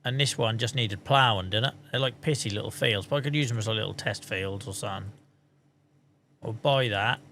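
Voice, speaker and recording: A man's voice: mid-range voice, pushed and bright, a little hiss or hum. A man chatting casually on a live stream as he plays a farming game, muttering, joking and swearing. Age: adult.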